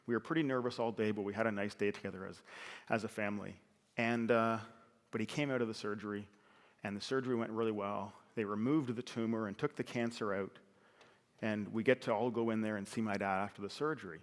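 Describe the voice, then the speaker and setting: A man's voice: fairly low pitch, steady tone, a little fast. A middle-aged man giving a conversational, earnest personal story as a speaker on stage. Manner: earnest, conversational, with fillers and restarts. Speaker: speaker at a talk. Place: large hall on a stage. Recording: reverberant hall.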